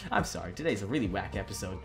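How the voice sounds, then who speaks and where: A young man giving casual let's-play commentary on a video game, excitable and joking, often exclaiming as he plays. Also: fairly low pitch, brisk, creaky, soft background music. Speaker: gaming YouTuber.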